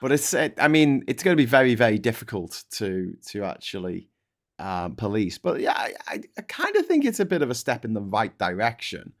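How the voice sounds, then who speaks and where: A man's voice: fairly low pitch, huge pitch swings, a little fast. A man hosting a casual political chat show, sarcastic and sweary, slipping into mocking voices. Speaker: podcast host.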